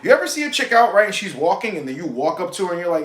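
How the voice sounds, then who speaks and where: Racing along in a high, fairly bright voice with big pitch swings, a young man coaches dating on a stream, acting out both roles in pickup scenes with blunt, slangy, swear-filled chat. The echoey room has a little hiss or hum.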